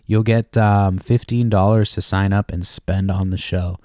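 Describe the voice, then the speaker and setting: A man's voice: low voice, steady tone, measured pace, warm tone, dry recording, clean studio sound. A man in his thirties hosting a podcast, rambling casually with lots of cursing and laughing at his own stories. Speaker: podcast host.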